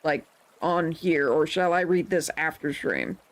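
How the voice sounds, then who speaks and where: A woman's voice: low-pitched, measured pace. A woman hosting a livestream, talking casually with her chat. She is playful and laughs often, and she tosses out mock-offended comebacks when teased.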